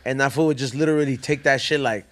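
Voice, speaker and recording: A man co-hosting a podcast, chatting casually in fast, profane slang. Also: medium pitch, a bit bright. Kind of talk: casual chat.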